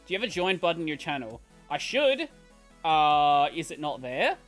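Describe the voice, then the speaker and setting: A man's voice: on the high side, sing-song, normal speed, fairly bright tone, faint music behind. A man with an Australian accent and a slightly nasal voice, chatting casually on a live stream as he answers viewer questions, rambling with lots of fillers and restarts. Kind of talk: casual chat while reading viewer questions.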